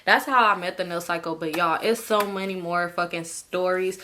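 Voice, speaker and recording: A woman's voice: fairly low pitch, normal speed, sharp tone, a little hiss or hum. A young woman in her twenties chats straight to her viewers, swearing freely and laughing often as she tells her story. Her tone is candid and unfiltered, like talking to friends. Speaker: vlogger. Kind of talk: casual storytime chat.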